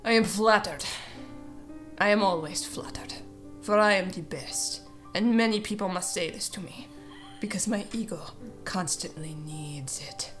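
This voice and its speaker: A woman's voice: mid-range voice, a little slow, soft background music, natural voice. A woman voicing a vain, self-important male bird lawyer in a game, grand and formal. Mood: pompous.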